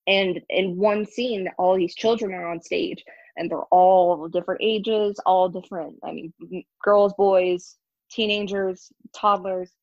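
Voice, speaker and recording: A woman's voice: mid-range voice, steady tone, unhurried, no echo, highs cut off. A young woman telling her story as an interview guest, candid and emphatic. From United States. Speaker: guest, ex-member of a church. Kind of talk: casual interview talk.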